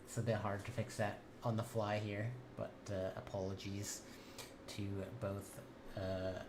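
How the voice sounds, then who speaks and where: A man hosting a live draft, speaking in a halting, apologetic way while searching for words. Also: fairly low pitch, little pitch movement. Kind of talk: casual live draft commentary. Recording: echoey room with background noise.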